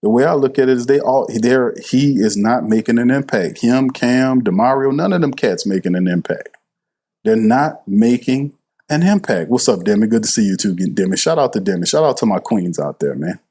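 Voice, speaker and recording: A man's voice: mid-range voice, expressive, moderate pace, darkish tone, breathy edge. A man, hosting a live sports stream, blunt and passionate, swearing freely and repeating himself for emphasis. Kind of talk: heated live sports commentary.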